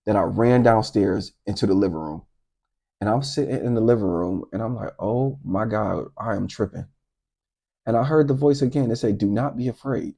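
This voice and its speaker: A middle-aged man telling a personal faith testimony in a casual, animated way, talking straight to his viewers. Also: on the low side. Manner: animated, addresses viewers directly. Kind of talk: casual storytelling to camera.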